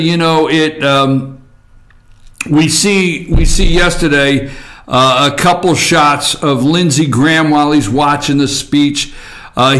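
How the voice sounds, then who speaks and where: A man's voice: fairly high pitch, a bit bright. A man hosting a talk show, giving opinionated political commentary in a sarcastic, rambling way with many fillers.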